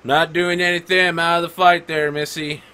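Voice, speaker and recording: A man's voice: a little high, flat delivery, normal speed, bright, forceful tone, smooth, pitched above the performer's own voice. A man voicing a wary male biker who backs out of a fight, talking in a placating way. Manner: placating, hands raised.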